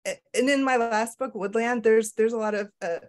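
A middle-aged woman author being interviewed. She talks casually and candidly, pokes fun at herself and often stops to restart her sentences. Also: on the high side. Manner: candid, self-deprecating, halting with restarts. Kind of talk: casual conversation.

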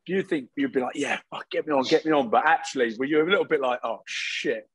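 A man's voice: medium pitch, quick pace, a bit bright, slightly rough. Jokey swearing podcast host, a man. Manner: jokey, swearing, asks leading questions. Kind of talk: casual podcast chat.

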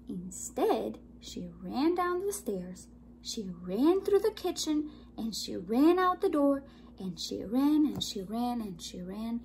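A woman teacher reading a children's story aloud, expressive and drawn out, dropping into hushed asides. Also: fairly high pitch, a little hiss or hum, rough recording. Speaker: preschool teacher.

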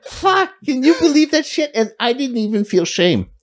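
A middle-aged man spins stories in a loose podcast chat. He laughs through his lines and swears freely. His pitch swings widely as he gets carried away. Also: big pitch swings, moderate pace, shouting. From United States. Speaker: podcast guest. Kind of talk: casual storytelling.

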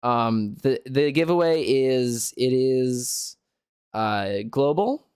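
A man's voice: medium pitch, animated, slow pace, a little mellow, clear, resonant tone, no echo, clean studio sound. A man hosting a live game stream, chatting playfully and thanking viewers. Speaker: streamer host. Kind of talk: casual live stream chat.

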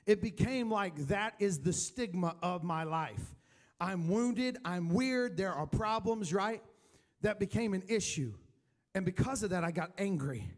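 A man preaching a sermon in church, telling his personal testimony, rising loud for emphasis and dropping to a hushed voice when emotional. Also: high-pitched, animated, measured pace. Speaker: pastor.

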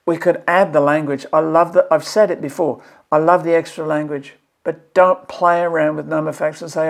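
A man's voice: fairly high pitch, flat delivery, moderate pace, creaky, hardly any pauses. A man from Australia, a maths educator presenting a video series, giving earnest, exasperated commentary and pleading with repeated phrases. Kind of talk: impassioned commentary to camera.

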